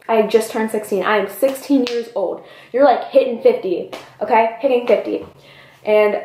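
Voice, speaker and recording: A young woman vlogger telling a story in an animated, breathless way, peppered with "like", in a roomy space. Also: medium pitch, a little fast. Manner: animated, breathless retelling full of "like". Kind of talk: storytime vlog.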